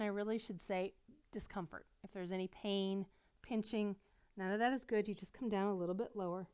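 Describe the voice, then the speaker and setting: A middle-aged woman teaching a beginner yoga class, guiding gently and encouragingly while she demonstrates the poses, a little out of breath. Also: medium pitch, brisk, clean tone. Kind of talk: guided yoga instruction.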